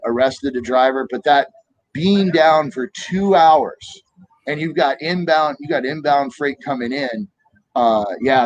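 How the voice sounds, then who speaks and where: A man in his fifties from the United States co-hosts a political talk stream, telling animated stories in casual chat and acting out the voices he quotes. His mid-range voice comes through a dry, poor-quality recording.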